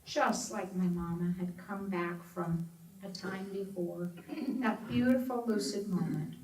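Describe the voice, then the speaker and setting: This middle-aged woman, an advocate for Alzheimer's, has a voice on the low side and keeps a measured pace as she recounts something personal to an audience. She brings the people in her story to life, quoting them in raised tones. The room echoes, the mic is far away, and faint ambience lingers.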